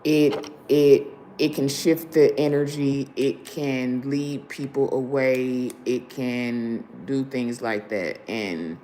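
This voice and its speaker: A woman hosting a live stream, lying down in pain, speaking slowly and emphatically to her viewers. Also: rumbling low, dark tone, a little hiss or hum. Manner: slow and emphatic, hyping viewers to like. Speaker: show host.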